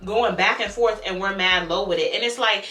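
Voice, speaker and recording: A young woman telling a storytime on her vlog, animated and blunt, swearing freely. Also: medium pitch, normal speed, roomy sound.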